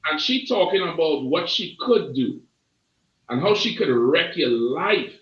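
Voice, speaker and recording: A man's voice: on the high side, big pitch swings, unhurried, far from the mic. A man hosting a casual panel discussion, talking in an emphatic, preacherly way. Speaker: host. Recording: dull, roomy sound from off mic.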